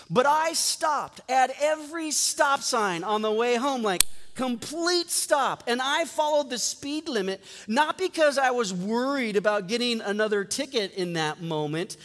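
A male pastor with a high-pitched voice delivers a sermon in a relaxed storytelling way. He plays out each exchange as he tells it. His voice carries a long reverb, as if it fills a large church sanctuary. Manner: conversational storytelling, acting out dialogue.

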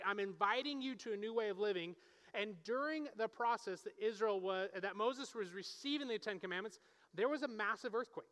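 A middle-aged man preaching a sermon in a relaxed, conversational way, often checking in with his listeners. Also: high-pitched, clear, resonant tone. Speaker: pastor. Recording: long reverb of a large hall.

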